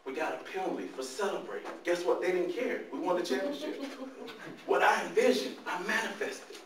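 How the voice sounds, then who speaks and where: A man giving an animated motivational talk to young people, telling stories and often turning to the audience with questions. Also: sits high, a little fast, noisy background. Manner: animated storytelling, talks to the audience. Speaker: motivational speaker. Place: large room, speaking to a live audience. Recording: echoey room, mic far off.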